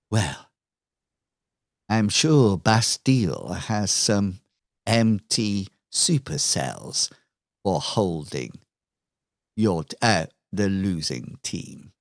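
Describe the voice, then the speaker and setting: A man's voice: lowish voice, animated, no echo, studio quality, exaggerated voice. A man voicing a smug, scheming villainous woman who mocks and taunts her rivals in a tabletop game. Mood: taunting. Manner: taunting, drawn-out sly delivery.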